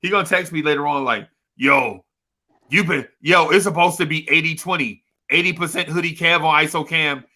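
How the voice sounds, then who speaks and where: A man hosting a podcast, talking in excited, stammering banter. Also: on the high side, a little fast. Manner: excited, stammering hype talk.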